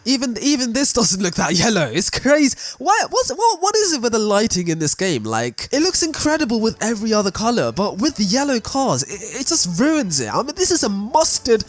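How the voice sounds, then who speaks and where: A man giving casual, animated gameplay commentary as a video creator, exclaiming and laughing at what he shows. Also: high-pitched, brisk, few pauses, no echo.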